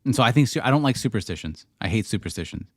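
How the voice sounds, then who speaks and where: A man's voice: medium pitch, expressive, racing, no room sound, clean studio sound. A man hosting a casual livestream Q&A, talking through chat questions in a rambling way that drifts into rants, with frequent restarts. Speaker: livestream host answering chat.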